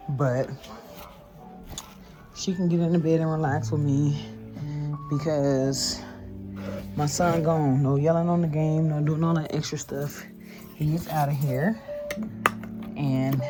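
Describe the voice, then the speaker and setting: Low-voiced woman vlogging at home. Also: slow pace, pauses often, over music. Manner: animated, gossipy retelling with quoted dialogue. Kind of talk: casual chatty storytelling. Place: her home. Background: smooth jazz and background voices.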